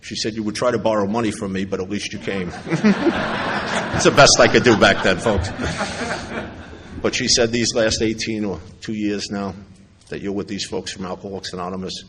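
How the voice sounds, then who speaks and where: A man's voice: lowish voice, fairly even intonation, a little fast, background noise. A middle-aged man from New York speaking at a recovery convention, telling a personal story with wry humor and acting out what others said. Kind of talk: personal recovery talk to an audience. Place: large convention hall. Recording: echoey hall with faint ambience.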